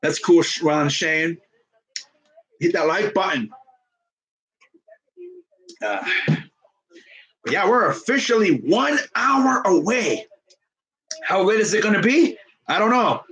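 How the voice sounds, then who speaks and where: Excitable young man streaming sports. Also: sits high, slow pace, long pauses, rough recording. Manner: excitable, rambling, laughs often. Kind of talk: casual livestream sports commentary.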